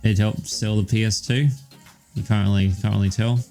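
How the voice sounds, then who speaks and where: With soft music playing underneath, a young man speaks in a warm, steady, lowish voice at a moderate pace. Co-hosting a podcast, he chats casually, rambling and cursing, and says "um" and "all right" a lot.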